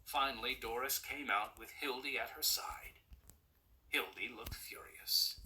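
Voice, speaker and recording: A narrator reading a storybook aloud in a calm, even way. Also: mid-range voice, a little slow, a little hiss or hum.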